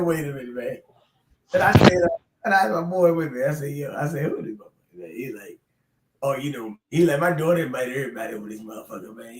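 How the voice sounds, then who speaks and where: A middle-aged man telling a long, profane, animated story in a casual chat and laughing as he goes. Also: a little high, echoey room. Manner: animated, profane, laughs through his stories. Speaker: podcast co-host.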